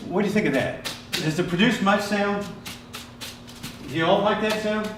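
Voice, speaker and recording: A man's voice: high-pitched, moderate pace. A man leading a group drum workshop, asking the participants questions and praising them over and over. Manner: encouraging, asks the group questions, repeats praise. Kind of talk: hands-on group music lesson. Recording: echoey room from far off, background noise.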